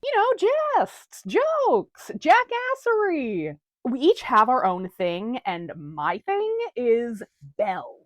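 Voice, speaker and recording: A woman's voice: fairly high pitch, wildly swooping pitch, slow, no echo, exaggerated voice. A woman voicing a bawdy, teasing female ghost over a century old, in a comedic audio drama. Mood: gleeful. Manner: crude, teasing, mocking.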